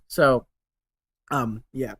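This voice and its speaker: A man's voice: mid-range voice, fairly even intonation, very slow, a bit bright, breathy edge. A man hosting his channel in a casual rambling monologue, sarcastic and swearing, with lots of fillers. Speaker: channel host.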